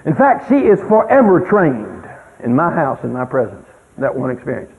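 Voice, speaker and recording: An older man telling folksy stories with emphatic, sudden loud exclamations, heard on a tinny radio recording with long reverb. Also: mid-range voice, huge pitch swings, moderate pace. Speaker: speaker on child rearing. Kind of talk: storytelling talk.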